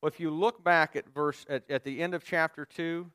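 A man's voice: a little high, fairly even intonation, moderate pace, fairly bright tone, smooth, dry recording. A male pastor preaching a sermon, reading scripture aloud and explaining it to his listeners, calling for their responses.

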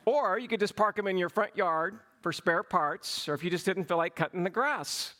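A man's voice: high voice, moderate pace, pushed and bright. A middle-aged man with a Southern US accent from Georgia, preaching a sermon in a folksy, humorous storytelling manner. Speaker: pastor.

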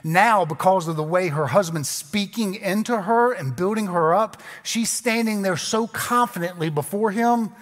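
Guy pastor giving a sermon, chatty and self-mocking, bit of a high voice. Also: moderate pace, hardly any pauses. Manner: conversational, joking, self-deprecating. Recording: long hall reverb.

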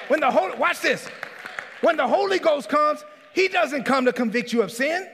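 A man preaching a sermon as a pastor in a church. He preaches emphatically, often shouting, and calls out congregants by name. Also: very high voice, moderate pace, some chatter behind. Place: church sanctuary. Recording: reverberant hall.

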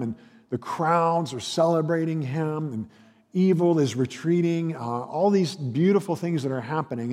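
A man's voice: a little high, darkish tone, big-room sound. A man preaching a sermon as pastor, earnest and emphatic, building through rhetorical questions.

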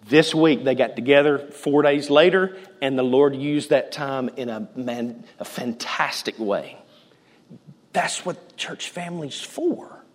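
Pastor preaching in a reverberant hall. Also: male voice, mid-range voice, measured pace. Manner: conversational and jokey, shifting between loud emphasis and soft near-whispers. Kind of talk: sermon.

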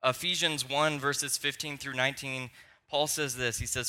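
Bright-voiced young male pastor preaching. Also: mid-range voice, steady tone, normal speed, smooth. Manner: conversational preaching with personal anecdotes and humor. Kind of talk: sermon. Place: church sanctuary.

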